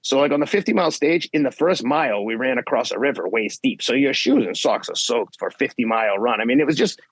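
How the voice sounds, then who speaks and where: A fast-talking man with a medium-pitched, slightly breathy voice guests on a podcast and tells race stories. His retelling is blunt, profane, intense, and animated, fitting the casual storytelling interview, and there's no echo.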